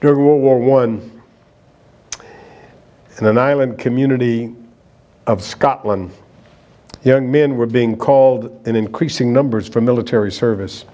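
Slow, emphatic male preacher. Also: medium pitch, warm tone. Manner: emphatic, rhetorical questions to the congregation. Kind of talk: sermon.

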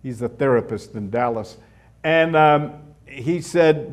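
A middle-aged male pastor preaching a sermon in a conversational way, asking rhetorical questions and dropping suddenly soft. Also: on the high side, very animated, unhurried.

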